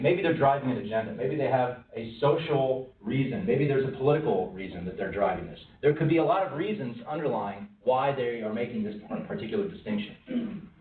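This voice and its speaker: Man lecturing in a roomy space. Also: medium pitch. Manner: questioning, lively, acts out quoted voices. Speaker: speaker at a lunch-and-learn talk. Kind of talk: conversational presentation to an audience. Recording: roomy, from a distance, faint room noise.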